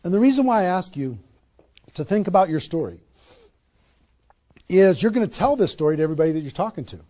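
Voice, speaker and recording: A man giving an energetic motivational training talk to a small live audience, pressing home his points with emphatic rhetorical questions. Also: sits high. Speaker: network marketing trainer.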